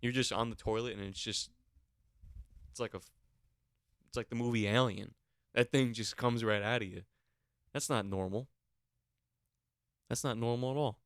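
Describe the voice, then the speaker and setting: A man's voice: medium pitch, fairly even intonation, normal speed, pauses often, clean tone, no echo, studio quality. A man hosting a podcast alone, ranting comically with big jumps into incredulous, raised questions while holding a handheld mic. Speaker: podcast host. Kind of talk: solo comedic rant. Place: alone in a small room.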